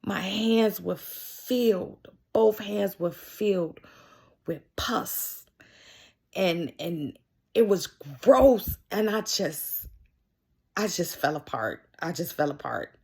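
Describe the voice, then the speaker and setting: A woman's voice: medium pitch, lively intonation, slow, creaky, husky. A woman vlogger telling an emotional personal story, often repeating herself and restarting lines as she recounts what happened.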